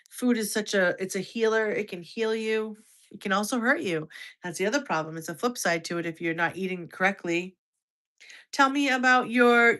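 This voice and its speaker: A woman's voice: on the low side, a bit bright. A woman from the United States in her fifties, hosting a casual livestream, chatty and restarting sentences as she reacts to viewer comments. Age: over 50. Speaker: health livestream host.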